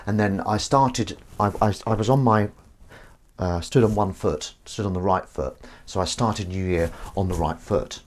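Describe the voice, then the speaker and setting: A man's voice: sits low, normal speed, a little mellow. Rambling man washing dishes. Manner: rambling, self-deprecating, reads out chat comments. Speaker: livestream host. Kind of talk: casual chat while washing up. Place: home kitchen. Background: clinking dishes and cutlery.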